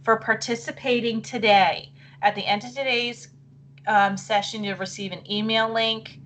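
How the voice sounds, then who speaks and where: A woman's voice: fairly high pitch, fairly even intonation, normal speed, fairly bright tone. Woman presenting a teacher webinar. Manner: chatty, apologetic, thinking aloud while clicking. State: voice wavering, clearing throat.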